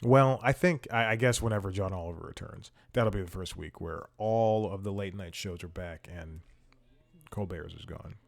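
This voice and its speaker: A man's voice: low voice, normal speed, gravelly. A man hosting a comedy podcast. He talks in a casual, rambling monologue, mocks himself, and chuckles between sentences.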